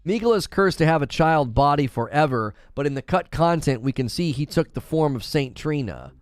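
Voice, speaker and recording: A man hosting a gaming channel, chatting casually with a live audience in an animated, ranting way and stumbling over hard names. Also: on the high side, a little fast, no echo, studio quality. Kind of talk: casual live-stream chat, reading viewer comments.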